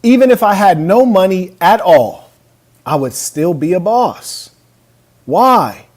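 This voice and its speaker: A man's voice: high voice, expressive, slow pace, darkish tone. A man hosting a reaction video from a hotel suite, brash, boastful and mocking as he talks over a clip. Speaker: podcast host reacting to a clip. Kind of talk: casual reaction commentary. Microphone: camera mic.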